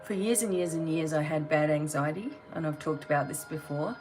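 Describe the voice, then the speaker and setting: A woman's voice: sits low, fairly quick, darkish tone, soft background music, poor audio. A woman giving a tarot reading, talking straight to the viewer in a blunt, motivating way. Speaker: tarot reader.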